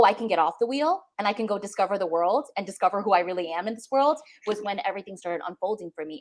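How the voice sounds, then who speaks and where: A woman's voice: medium pitch, a little mellow. Young adult woman, podcast co-host, heartfelt and emotional delivery, repeats for emphasis. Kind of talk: heartfelt spiritual podcast chat.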